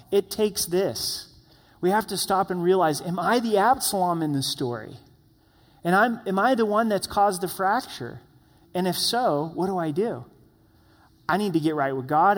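Earnest male pastor preaching in a hall. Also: a little high. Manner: earnest, acts out quoted voices. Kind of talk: sermon.

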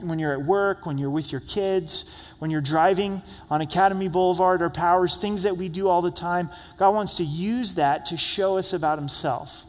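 A man's voice: high-pitched, long reverb tail. A man in his young adult years preaching an earnest, conversational sermon at a church service, often repeating words as he speaks. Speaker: pastor.

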